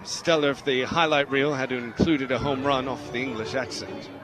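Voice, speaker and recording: A man's voice: mid-range voice, fairly even intonation, moderate pace. A man doing radio play-by-play of a baseball game in a playful put-on English accent. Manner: playful mock-British delivery. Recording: radio broadcast with loud background noise.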